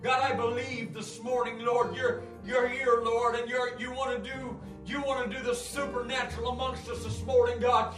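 A man preaching and leading a fervent prayer in a church, repeating invocations and building to shouts. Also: very high-pitched, flat delivery, normal speed, few pauses. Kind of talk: sermon prayer. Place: church sanctuary. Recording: echoey church from far off with music. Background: guitar music.

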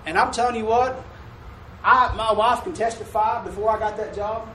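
A man's voice: high voice, steady tone, normal speed, fairly bright tone, a little hiss or hum. A man preaching a folksy sermon with call-and-response, recorded in a church sanctuary from a distant mic. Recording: echoey room from a distant mic.

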